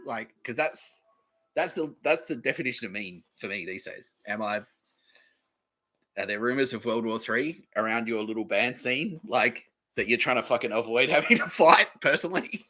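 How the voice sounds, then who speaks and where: A man's voice: mid-range voice, moderate pace, pushed and bright. A young Australian man hosting a podcast, rambling through a profane, sarcastic comedy monologue and often laughing at himself. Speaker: podcast host.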